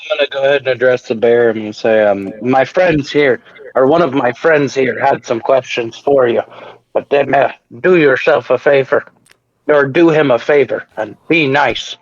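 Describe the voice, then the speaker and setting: A man playing a tabletop game, deadpan and mock-boastful. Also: mid-range voice, normal speed, no echo. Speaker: player. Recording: dull lo-fi sound, dry, off-mic.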